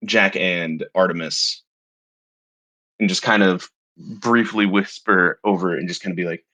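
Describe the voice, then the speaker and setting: A man with a bright, husky, low-pitched voice plays a tabletop game. He sounds hesitant and thinks his moves through aloud. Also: a little slow. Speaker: player.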